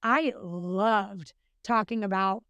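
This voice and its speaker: Podcast guest: young woman, earnest and chatty, quick, dry close sound. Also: medium pitch, steady tone, fairly bright tone, smooth, no room sound. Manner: chatty, earnest, fast with many fillers. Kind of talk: casual podcast interview.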